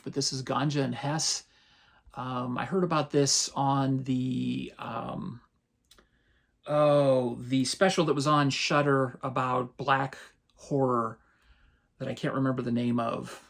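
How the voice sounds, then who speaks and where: A man, casually running through his latest movie purchases as a channel host, relaxed and rambling. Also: mid-range voice, gravelly. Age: 50s. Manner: relaxed, rambling, chuckles often. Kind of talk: casual haul rundown.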